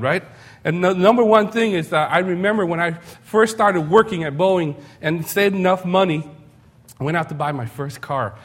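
A man preaching a sermon in a conversational way, telling stories with rhetorical questions and self-deprecating humor. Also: high-pitched. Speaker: pastor.

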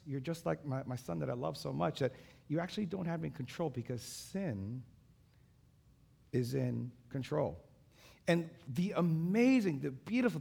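Male pastor, 30s to 40s, slightly high gravelly voice, conversational sermon with fillers and repeats. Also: a little mellow.

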